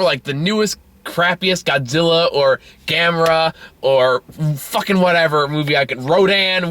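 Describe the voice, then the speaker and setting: A young man in casual chat with a friend, laughing often and swearing freely as he tells animated stories. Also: medium pitch, no echo. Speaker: podcast co-host.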